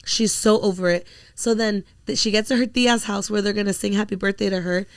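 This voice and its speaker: A young woman co-hosts a podcast, her mid-range voice fairly quick and smooth with no echo. Chatting casually, she tells an animated story, swears freely, and acts out what people said.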